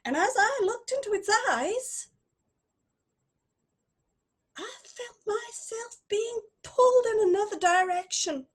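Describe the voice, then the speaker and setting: A woman improvising a story live, telling it dramatically with long pauses. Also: extremely high pitch, lively intonation.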